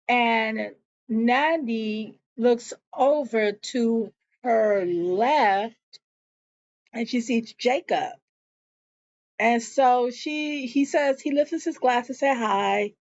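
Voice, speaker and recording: A woman's voice: on the high side, a little mellow. A woman giving a chatty, slangy, casual recap of a TV episode. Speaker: show recapper. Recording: dull lo-fi recording.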